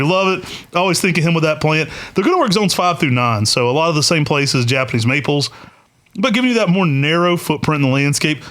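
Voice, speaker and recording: A man's voice: a little high, a little fast, a bit bright. A man co-hosting a podcast, chatting casually and with enthusiasm, with plenty of "uh" fillers. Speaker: podcast co-host.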